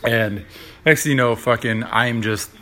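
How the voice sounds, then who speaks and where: A man's voice: medium pitch, fairly even intonation, unhurried, sharp tone. A young man hosting a casual solo podcast, rambling with lots of fillers and profanity. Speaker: podcast host.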